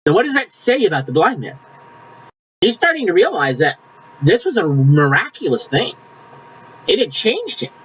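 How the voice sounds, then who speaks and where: A man's voice: high-pitched, very animated, normal speed, long pauses, a bit bright, muffled recording, a little hiss or hum. A man preaching a conversational sermon, reading scripture aloud and adding asides. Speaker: pastor.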